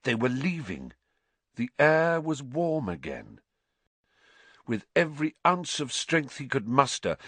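A man narrating an audiobook in a measured, suspenseful way, dropping low for dark passages. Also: no echo.

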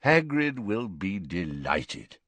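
A man voicing an elderly male headmaster who speaks in a measured, formal, gently amused way. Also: lowish voice, very animated, no echo, heavily acted. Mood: calm. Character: elderly male headmaster, calm, courteous and wry.

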